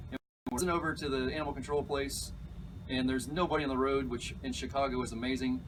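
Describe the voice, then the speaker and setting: Man, animated storyteller, excitable, laughs mid-story, mid-pitched voice, recorded from a distance outdoors. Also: fairly quick, background noise. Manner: excitable, laughs while telling, acts out quoted voices. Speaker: alligator catcher, guest.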